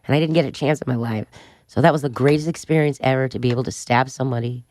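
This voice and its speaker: A woman's voice: extremely low pitch, very fast, darkish tone. A middle-aged woman as a podcast guest, telling a wild story bluntly and profanely, laughing along as she goes. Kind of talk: candid storytelling interview.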